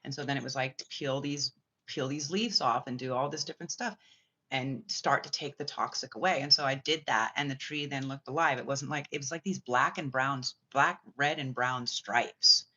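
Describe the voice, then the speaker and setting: A spiritual reader telling a long personal story in a rambling, excitable way, swearing often and full of filler words. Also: mid-range voice, normal speed. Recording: slightly muffled lo-fi audio.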